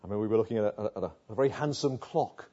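Brief: male preacher, dark husky voice, earnest sermon delivery. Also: on the low side, quick pace. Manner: earnest, rhetorical questions, builds to emphatic passages. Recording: muffled lo-fi sound.

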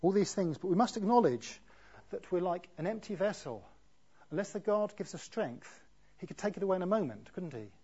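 Male preacher, husky fairly high voice, chatty sermon, dull lo-fi sound. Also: expressive, brisk, mellow. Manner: conversational, asks rhetorical tag questions. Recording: dull lo-fi recording.

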